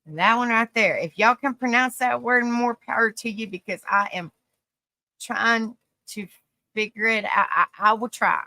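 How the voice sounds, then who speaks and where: A woman's voice: a little high, moderate pace, pushed and bright, dry recording. A woman with a Southern US accent reading facts aloud on a livestream, stumbling over hard words and chatting with viewers. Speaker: host.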